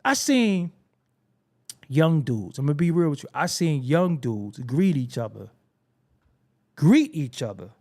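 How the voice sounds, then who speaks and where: A man's voice: fairly high pitch, sing-song, unhurried, pauses often, a little mellow. A man from Brooklyn with a Brooklyn accent, hosting a casual commentary monologue in a blunt, preachy way, swearing freely. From Brooklyn, New York. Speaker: show host.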